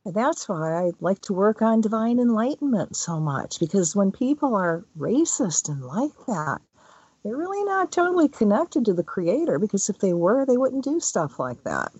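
A woman's voice: medium pitch, big pitch swings, moderate pace, a little mellow, breathy edge, dry recording. Chatty woman giving a rambling spiritual talk. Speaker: spiritual energy healer. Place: Hawaii. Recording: dull, dry recording.

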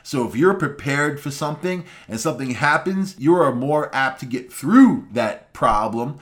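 A man's voice: mid-range voice, animated, normal speed, fairly bright tone. Male talk radio host, mid-range voice, folksy opinionated daily commentary. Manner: loose, folksy, says "man" a lot.

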